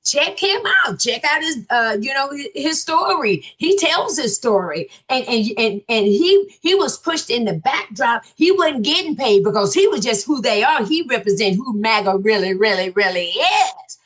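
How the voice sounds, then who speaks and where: A woman hosts a commentary channel, reading out viewer comments and reacting to them with loud exclamations, talking straight to her viewers. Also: a little high, lively intonation, normal speed, few pauses.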